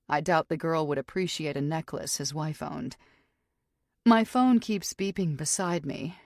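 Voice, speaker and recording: Low-voiced woman narrating an audiobook. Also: dry recording, studio quality. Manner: measured, tense inner monologue. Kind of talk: scripted first-person narration.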